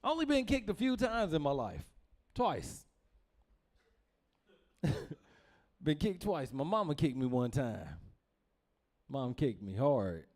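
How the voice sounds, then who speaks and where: A young man telling stand-up stories, animated and laughing through his lines as he acts out his family. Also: on the high side, slow, long pauses. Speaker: stand-up comedian. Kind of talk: stand-up storytelling.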